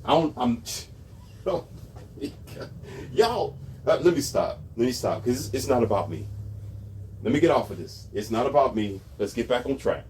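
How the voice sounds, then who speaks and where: A man's voice: medium pitch, expressive, normal speed, long pauses, a little mellow, a little hiss or hum. A man hosting a commentary channel, ranting about society in a sarcastic, emphatic way and repeating his points.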